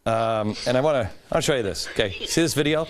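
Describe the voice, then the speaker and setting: A man's voice: mid-range voice, quick pace. A middle-aged man hosting a talk show, giving an emphatic political commentary monologue. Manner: animated, emphatic, rising to stress points.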